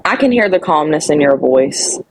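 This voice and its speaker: A woman's voice: low-pitched, animated, normal speed, noisy background. A woman talking casually and earnestly on a live stream, rambling with many fillers. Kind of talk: casual chat.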